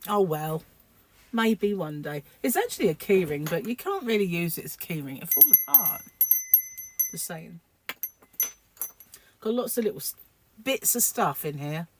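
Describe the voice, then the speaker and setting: A woman's voice: lowish voice, lively intonation, normal speed, a little hiss or hum. A sleep-deprived woman, rambling casually to camera in a home vlog, full of fillers and restarts. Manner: rambling, chatty, many fillers. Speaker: vlogger.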